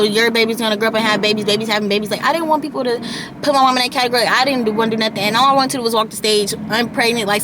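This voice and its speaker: A young woman of eighteen tells a long storytime to her viewers in a slightly high voice. She talks casually and rambles, filling her speech with "like" and "y'all". Her camera mic picks up faint background noise. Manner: chatty, rambling, many "like" and "y'all" asides. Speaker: vlogger.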